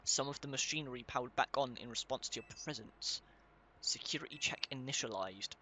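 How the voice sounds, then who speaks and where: Brisk, pushed and bright, the medium-pitched voice of a young let's play gamer comes through over slight background noise. Reading the game's text aloud, he adds offhand commentary, swears at times and stumbles on hard names.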